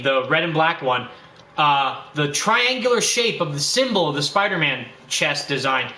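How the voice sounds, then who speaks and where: Excitable high-voiced young man streaming. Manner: excitable, laughs often, quotes movie lines. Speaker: streamer hosting a game livestream. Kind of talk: casual chat with a friend. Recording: echoey room with faint background noise.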